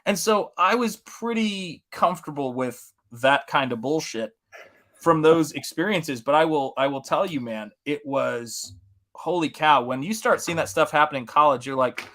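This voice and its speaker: A man from Tennessee chats through a story on his live art stream. His voice sits a little high and comes across bright and forceful. He laughs often and swears freely as he talks. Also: expressive, moderate pace. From Tennessee, USA. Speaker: artist hosting a live stream. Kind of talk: casual storytelling chat.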